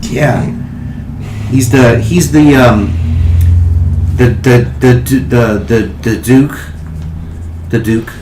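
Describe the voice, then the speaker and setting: A man's voice: medium pitch, very slow, pauses often, darkish tone. A man voicing a chatty nine-year-old noble boy who talks eagerly and stumbles over his words. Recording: echoey room, faint hiss.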